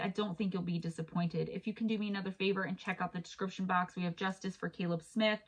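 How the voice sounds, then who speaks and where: A woman's voice: fairly low pitch, a bit bright, rough recording. A woman hosting a show, reading listener stories aloud in a chatty, heartfelt way with apologetic asides. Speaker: host.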